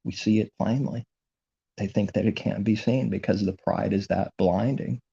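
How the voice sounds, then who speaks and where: A man's voice: lowish voice, steady tone, normal speed, vocal fry, mellow, slightly rough, dull audio. A man delivering an impassioned, indignant religious monologue, repeating his points as he preaches. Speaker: religious commentator.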